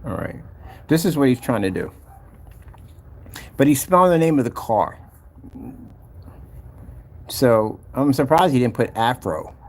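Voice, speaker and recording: Walking viewers through his product's website, this company owner sounds mocking and exasperated, circling back to the same points as he clicks around in a casual screen-share. He speaks in a mid-range voice with lively intonation, at a measured pace broken by long pauses.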